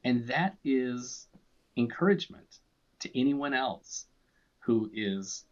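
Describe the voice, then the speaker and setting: Guy cohosting a faith podcast, talks slow and thoughtful, kinda dull lo-fi audio. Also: medium pitch, animated. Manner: measured, reflective, with hesitant starts. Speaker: podcast co-host. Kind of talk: conversational interview.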